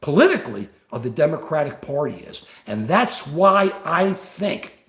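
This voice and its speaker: A man's voice: fairly high pitch, very animated, normal speed, a bit bright, echoey room. An older man hosting a live stream, talking politics and answering viewer comments with passion. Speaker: livestream host.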